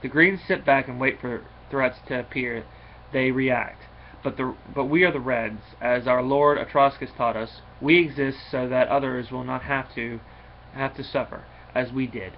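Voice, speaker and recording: A man's voice: mid-range voice, steady tone, moderate pace, a little hiss or hum, lightly acted. Man playing a fanatical giant space brain, preachy rallying delivery, slightly dull recording. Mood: zealous.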